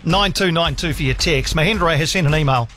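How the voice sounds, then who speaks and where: A man's voice: on the high side, brisk, bright, forceful tone. A man with a New Zealand accent hosting a talkback radio show, chatting casually with callers and reading out listener emails. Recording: dry studio sound with faint music.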